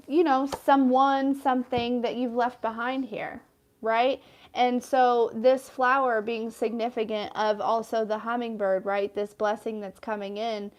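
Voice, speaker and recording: A woman's voice: fairly high pitch, flat delivery, measured pace. Chatty woman doing a tarot reading. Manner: chatty, rambling, frequent fillers. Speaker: tarot reader. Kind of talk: casual intuitive card reading.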